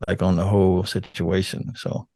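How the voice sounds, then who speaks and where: An older man with a somewhat low voice tells his stories in a relaxed, meandering way, laughing easily. The sound is dry and close, with no room around it. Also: moderate pace, no room sound. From United States. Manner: relaxed, rambling, laughs often. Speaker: guest. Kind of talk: casual chat.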